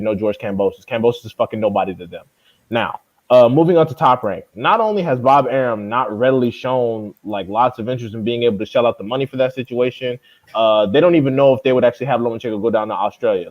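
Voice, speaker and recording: A man's voice: mid-range voice, a little mellow. A man giving heated, profane boxing commentary in a casual podcast chat. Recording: dull lo-fi audio.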